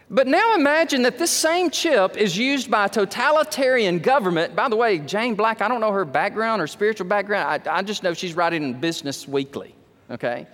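A man preaching a sermon as pastor, animated, with wide swings in pitch and loudness. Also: a little fast, long reverb tail.

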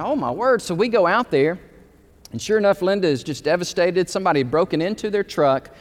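Lively pastor, higher male voice, preaching in a reverberant sanctuary. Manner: animated, storytelling with quoted dialogue. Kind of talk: sermon. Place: church sanctuary.

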